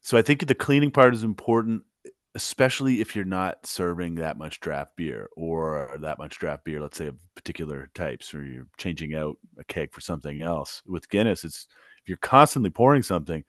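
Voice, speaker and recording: Deep-voiced joking man, dry studio sound. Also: normal speed, dry recording. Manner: dry, joking, relaxed storyteller. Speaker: podcast co-host. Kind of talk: casual chat. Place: podcast studio.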